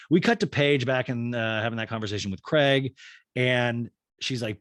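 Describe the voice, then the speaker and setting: Animated, mocking man with a lively voice. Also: mid-range voice, normal speed, no echo, studio quality. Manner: animated, mocking, slips into exaggerated voices for quotes. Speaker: podcast host recapping a reality show. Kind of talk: casual comedic recap.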